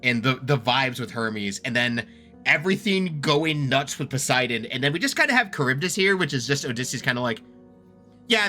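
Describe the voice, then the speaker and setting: Bright-voiced young man rambling casually. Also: medium pitch. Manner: chatty, full of filler words and swearing. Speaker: YouTuber ranking songs.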